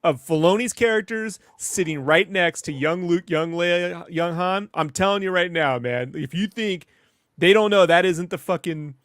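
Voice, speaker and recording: A man's voice: sits high, moderate pace, fairly bright tone, dry recording, clean studio sound. A man in casual podcast chat, loose and profane, calling his co-host dude. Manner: casual, swearing, addresses listener as dude.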